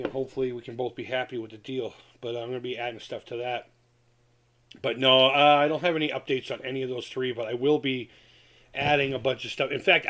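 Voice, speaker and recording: A man's voice: medium pitch, a bit bright. A man hosting a casual live stream from home, rambling and swearing as he reads chat aloud and works on a craft project. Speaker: retro gaming channel host.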